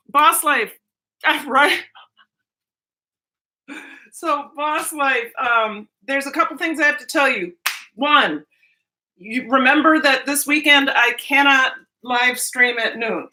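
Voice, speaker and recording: A woman's voice: high-pitched, slow pace, pauses often, pushed and bright. A middle-aged woman vlogger chatting casually with her live-stream viewers while cooking breakfast, rambling and barely moving her jaw as she talks. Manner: chatty and rambling, with frequent restarts.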